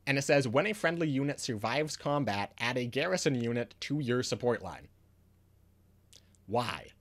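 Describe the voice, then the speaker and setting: A man's voice: medium pitch, expressive, normal speed. A man giving a casual video review of a card game, ranting in frustration with lots of restarts and fillers.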